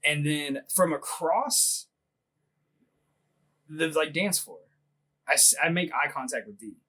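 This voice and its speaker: A man's voice: fairly high pitch, lively intonation, slow, bright, forceful tone, rough recording. A man casually telling a long story on a podcast, laughing often, swearing freely and filling his speech with "like.". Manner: laughing, profane, rambling with lots of "like". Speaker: podcast host.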